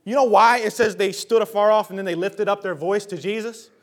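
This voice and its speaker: High-voiced preacher swinging loud and soft. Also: male voice, steady tone, a little fast. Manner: swings from hushed to shouting, repeats phrases for emphasis. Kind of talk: sermon.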